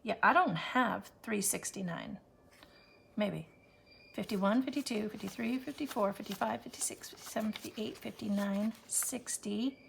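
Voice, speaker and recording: A woman counting cash aloud for a budgeting vlog, often quietly, with self-deprecating remarks between counts. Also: medium pitch, moderate pace, vocal fry, a little hiss or hum. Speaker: budgeting vlogger. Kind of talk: casual cash-stuffing vlog.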